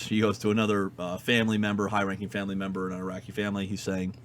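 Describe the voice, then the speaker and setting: A man co-hosting a comic book podcast, retelling a comic's story in a lively, casual way with fillers. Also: on the low side, racing, few pauses, a little hiss or hum. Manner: animated retelling, fillers, quotes characters in his own voice. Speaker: podcast co-host reviewing comics. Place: comic shop.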